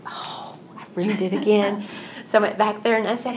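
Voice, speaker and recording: A woman's voice: mid-range voice, fairly even intonation, normal speed, slight background noise. A middle-aged woman giving a Christian teaching talk, telling personal stories in an earnest, confessional way. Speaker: Christian speaker.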